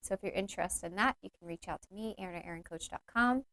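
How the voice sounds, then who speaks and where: A woman's voice: medium pitch, fast, sharp tone, no echo. A woman hosting her own podcast as a yoga teacher, talking in an earnest, intimate and rambling way with many fillers. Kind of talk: reflective solo podcast talk.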